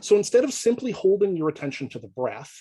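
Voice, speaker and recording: Male lecturer, husky, dry close sound; easygoing classroom talk, keeps asking "right?". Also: sits high, big pitch swings, fast, dark tone, no echo, low-quality recording. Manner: conversational, checks in with frequent "right?". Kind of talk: informal lecture.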